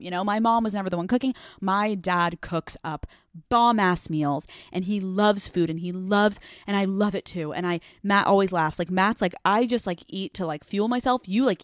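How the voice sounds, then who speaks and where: A woman's voice: mid-range voice, dry recording. Profane, candid woman podcaster, dry close sound. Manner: candid, profane and self-mocking, with lots of fillers. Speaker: podcast host. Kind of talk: casual solo podcast rant.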